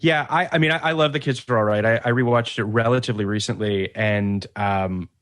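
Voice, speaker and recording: A man hosting a film podcast, chatty and quick to laugh along with his guests. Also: lowish voice, a bit bright. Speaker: podcast host. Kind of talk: casual film chat.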